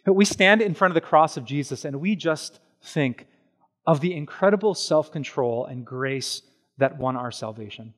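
A man preaching a sermon as pastor, animated and conversational, with slow, hushed stretches on solemn points. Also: a little high. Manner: animated and conversational, with everyday examples and quick asides.

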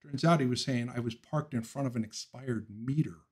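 Man from Philly, hosting a livestream, loose and opinionated, quick to laugh, mid-range voice. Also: mid-range voice, a little mellow. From Philadelphia. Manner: laughs often, opinionated ranting; talks through thoughts with frequent ums and restarts. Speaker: livestream host. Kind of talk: casual livestream chat, reading viewer comments.

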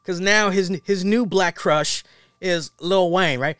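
A man's voice: sits high, slow pace, fairly bright tone, smooth, no echo, clean studio sound. A man hosting a wrestling review show, giving casual commentary in a slangy, joking way.

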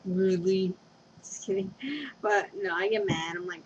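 Scatterbrained young woman vlogging, slow and lo-fi. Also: lowish voice, fairly even intonation, slight background noise. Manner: scatterbrained, giggly, loses her train of thought. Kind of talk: rambling casual confession vlog. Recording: dull lo-fi webcam recording.

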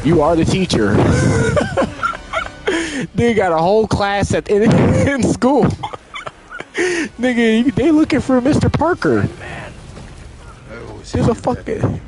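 A young man streaming a video game, reacting with loud excited exclamations and profane trash talk at the enemies. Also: very high-pitched, takes it slowly, long pauses, heavy background noise. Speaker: gaming streamer. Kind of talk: live gameplay commentary. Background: loud game music.

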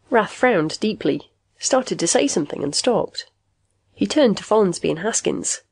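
Husky woman reading a story. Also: medium pitch, animated, measured pace, no echo. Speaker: audiobook narrator. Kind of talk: scripted narration.

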